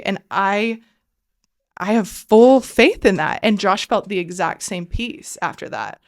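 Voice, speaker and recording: An earnest woman in her thirties tells a personal faith story as a podcast guest. Her voice sits at an ordinary mid pitch. She fills her talk with "like" and "um" and sinks to a hushed near whisper when she quotes her prayers. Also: animated, measured pace.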